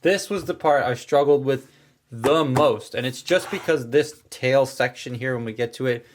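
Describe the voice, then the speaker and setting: A man's voice: medium pitch, normal speed. Guy doing a chill toy review, talks you through each fold, normal middle voice. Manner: talks through each step while handling a toy, relaxed and chatty. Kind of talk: casual hands-on toy review.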